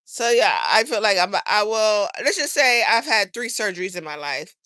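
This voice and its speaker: A woman's voice: medium pitch, expressive, moderate pace, pushed and bright, no echo. Woman, livestream host, chatty and rambling, earnest, mid-range voice, dry sound. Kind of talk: casual livestream chat. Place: home garden, outdoors.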